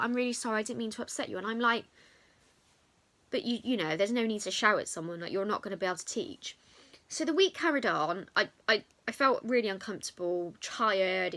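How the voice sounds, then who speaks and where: A young woman, telling a chatty storytime to camera with lots of fillers. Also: mid-range voice. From England. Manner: chatty, animated retelling with many fillers. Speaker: vlogger. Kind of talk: storytime vlog.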